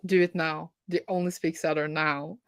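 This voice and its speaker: A woman's voice: low-pitched, level tone, normal speed, smooth, no echo. A woman from Norway with a Bergen accent, chatting casually with a friend during a reading sprint, giggly and full of fillers. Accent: Norwegian, Bergen. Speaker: booktuber co-host. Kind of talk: casual chat on a reading stream.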